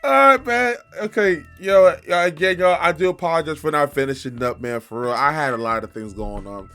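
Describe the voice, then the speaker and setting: A man's voice: fairly high pitch, brisk, pushed and bright, clean tone, faint music behind. A man hosting a reaction video, chatting casually and laughing along with a comedy special. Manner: laid-back, laughs along, repeats punchlines.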